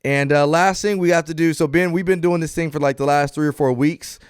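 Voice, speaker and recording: A man hosting a casual podcast, upbeat and quick to laugh, turning earnest at the close. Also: fairly high pitch, fairly even intonation, smooth, dry recording. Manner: upbeat, laughs easily, earnest when closing. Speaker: podcast host.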